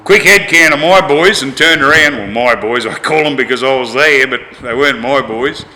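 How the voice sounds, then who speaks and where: An older Australian man telling a rough-and-tumble story from his past in a colloquial, animated, yarn-spinning way. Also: medium pitch, normal speed, in a large hall, poor audio. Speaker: interviewee. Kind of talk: storytelling anecdote.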